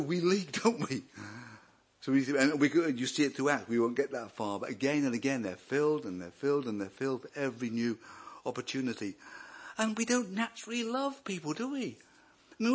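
A middle-aged man from Wales preaches a sermon, animated and joking, restarting his sentences often. His voice is medium-pitched with a breathy edge.

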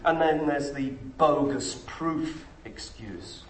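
A middle-aged man preaching a sermon, emphatic and full of rhetorical questions. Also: takes it slowly. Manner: emphatic, rhetorical questions, lively pitch swings. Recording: echoey room with faint noise.

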